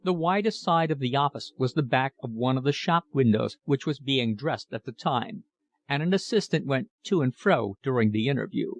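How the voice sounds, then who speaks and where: A man narrating an audiobook of a classic novel in a measured, even reading. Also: mid-range voice. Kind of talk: scripted narration.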